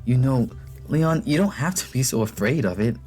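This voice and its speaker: A man's voice: medium pitch, animated, normal speed, a little mellow, breathy edge, faint music behind, voice pushed up. A man voicing a playful young male player character in a game, teasing and breezy.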